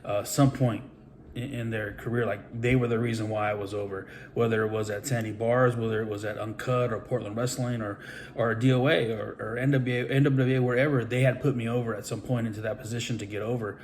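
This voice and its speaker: A man's voice: medium pitch, fairly even intonation, a little fast, a little mellow, slight background noise. A middle-aged man, a pro wrestler and trainer, telling a story in a rambling, casual way, full of swearing and fillers. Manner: rambling, profane, with many fillers.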